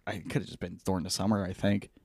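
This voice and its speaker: A man hosting a podcast, telling a crude story in casual, animated chat. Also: sits low, brisk, gravelly, husky, no echo. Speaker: podcast host.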